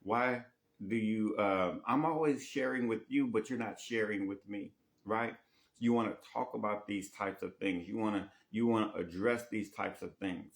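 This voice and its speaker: Man, relationship coach, somewhat low voice, casual teaching monologue, rhetorical questions, repeats phrases. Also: normal speed, vocal fry.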